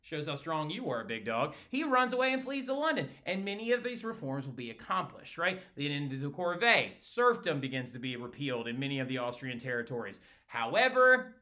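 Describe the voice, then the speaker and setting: A man teaching a history lesson in a casual, chatty way, often tagging his points with "right?" and slipping into quick voiced quotes. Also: a little high, very animated, sharp tone. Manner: slips into brief voiced quotes of historical groups. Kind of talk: flipped-classroom history lecture.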